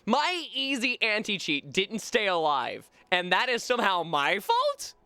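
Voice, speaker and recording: A man's voice: high voice, wildly swooping pitch, a little slow, sharp tone, smooth, dry recording. A male streamer chatting casually on a live gaming stream, swearing freely and repeating words over and over to test how to say them.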